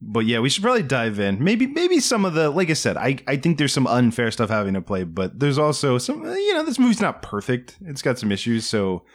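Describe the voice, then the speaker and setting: A male podcast co-host talking through a film in loose, casual chat. His pitch swings widely as he rambles, hedges and restarts his sentences. He sits in a middle register. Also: wildly swooping pitch, a little fast, hardly any pauses. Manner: rambling, hedging, self-correcting. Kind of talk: casual movie-review chat.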